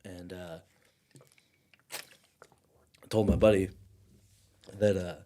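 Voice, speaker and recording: A man's voice: deep voice, fairly even intonation, very slow, dark tone. A man in his thirties, a podcast guest, telling a personal story in loose casual talk, full of fillers and dropping to near-whispers. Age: 30s.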